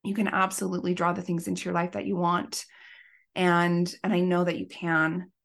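A woman's voice: on the low side, little pitch movement, normal speed, creaky, fairly bright tone. A woman in her thirties, a life coach and podcast host, telling a personal story in an earnest, emotional way. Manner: emotional, earnest, tearful at times. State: pregnant.

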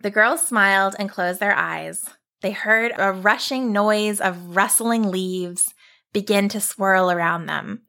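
Woman, children's story narrator, gentle, slow, bright. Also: mid-range voice, vocal fry.

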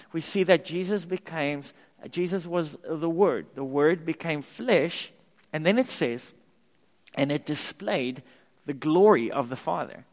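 A man preaches to his congregation with animated, emphatic delivery, driving points home through repetition. His voice sits a little higher than most men's. The sound carries a long reverb from the church hall. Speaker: pastor. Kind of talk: sermon. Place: church sanctuary.

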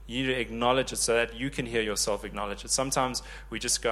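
A man in his thirties preaching a sermon, lively and joking with the congregation. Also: mid-range voice, fast talker, few pauses. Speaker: pastor.

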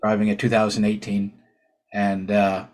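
A man in his fifties hosting a podcast, chatting casually in a laid-back, halting way. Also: lowish voice, monotone, darkish tone, slight background noise. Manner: laid-back, halting, short agreeing replies. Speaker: podcast host, truck driver.

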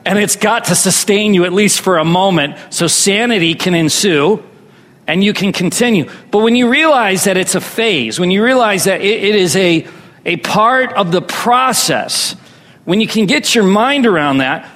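A man's voice: high voice, a bit bright. A man preaching a sermon as pastor, drawing his congregation into call-and-response. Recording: long reverb hall.

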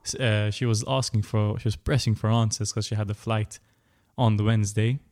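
A man's voice: lowish voice, little pitch movement, brisk, darkish tone. A man from Malta co-hosting a podcast in casual chat, playfully chiming in and finishing his co-host's sentences. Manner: playful, chimes in and finishes the other host's lines. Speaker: podcast co-host.

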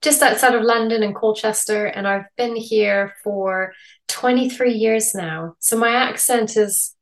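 A middle-aged woman with a Canadian accent, a podcast guest telling her story in a reflective, measured way over a remote call. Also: medium pitch, fairly even intonation. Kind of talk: interview storytelling.

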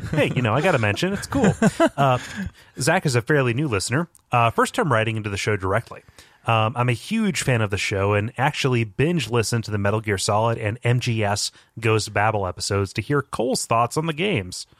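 A man's voice: mid-range voice, big pitch swings, brisk, a bit bright, no room sound, studio quality. A man guesting on a podcast who reads a listener email aloud and makes wry remarks, laughing easily. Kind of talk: casual chat, reading an email aloud.

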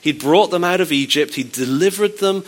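A man's voice: high voice, normal speed. A man preaching a sermon in a conversational, wry way, with playful asides.

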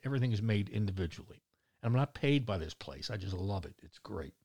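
A man's voice: lowish voice, expressive, brisk, a little mellow. A man in his sixties with a Baltimore accent, rambling bluntly and cracking jokes in a casual monologue. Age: 60s. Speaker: vlogger.

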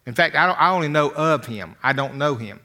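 Bright-voiced older man telling folksy stories. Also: fairly high pitch, lively intonation, fairly quick. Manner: folksy storytelling, repeats words when starting sentences. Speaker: motivational speaker. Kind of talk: motivational talk with stories.

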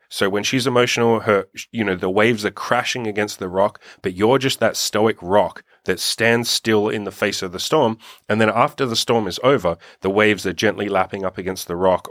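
A man's voice: on the low side, fairly bright tone, no room sound, studio quality. A young man giving casual dating advice as a coach, blunt and swearing freely, thinking aloud with small restarts.

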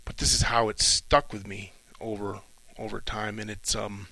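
A middle-aged man, a retired Navy officer, talking through a reflective solo monologue in short, halting, thoughtful phrases. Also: on the low side, steady tone, sharp tone, low-quality recording.

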